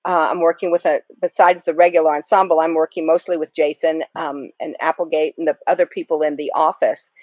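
A woman's voice: sits low, steady tone, fairly quick, hardly any pauses, darkish tone, no room sound. A woman actress guest talking casually in an interview, rambling with many fillers and small laughs.

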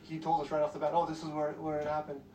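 Man, higher flat voice, measured, distant mic, music underneath. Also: slight background noise. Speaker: police detective. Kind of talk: documentary interview.

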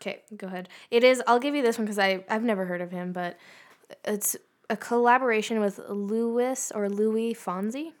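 A woman with a fairly high voice co-hosting a relaxed podcast. She runs the segments and reads song lyrics aloud with dry, teasing commentary. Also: moderate pace. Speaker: podcast co-host. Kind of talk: casual chat.

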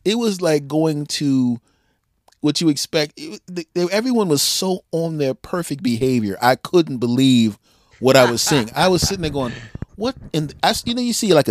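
A man guest on a podcast, telling stories in casual sports banter, animated and full of restarts. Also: on the high side, dry recording, studio quality. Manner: animated storyteller, frequent restarts, laughs at own jokes.

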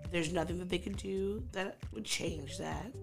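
A chatty woman from the New York area, co-hosting a podcast in casual, expressive talk. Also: lowish voice, unhurried, creaky, over music. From New York or Long Island. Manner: chatty, expressive, talks with her hands. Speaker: podcast co-host. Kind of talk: casual chat.

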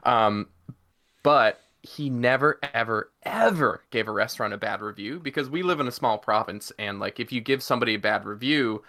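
A man's voice: mid-range voice, normal speed, sharp tone. A man from Canada co-hosting a casual livestream chat, telling joking stories. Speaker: co-host.

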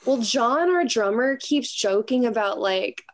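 A woman musician, appearing as a guest, chats loosely in a casual interview, filling her speech with fillers and frequent laughs. Her voice is a little high and expressive, and she speaks a little slowly.

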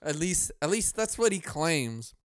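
A young man hosts his podcast alone, ranting casually with heavy swearing and frequent laughs. His voice sits fairly high and sounds smooth and resonant. The mic is close in a dry, dead room. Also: very animated, unhurried, dry recording. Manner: profane, rambling, laughs often. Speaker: podcast host.

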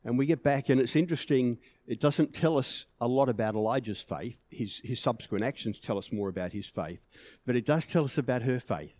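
A man's voice: mid-range voice, brisk, a little mellow. A man preaching a sermon in an earnest way, pushing emphatic peaks on key words.

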